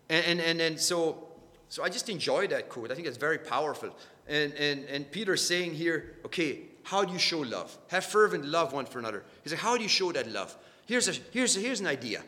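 Earnest preacher in an echoing hall. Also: male voice, on the high side, lively intonation, bright, forceful tone. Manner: halting, repeats words, earnest. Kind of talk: sermon. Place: church meeting hall. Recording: long hall reverb.

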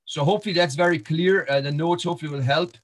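A man's voice: on the high side, fast. Man teaching Bible verses in a sermon. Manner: walks through verses, repeats words and restarts, frequent fillers. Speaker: preacher.

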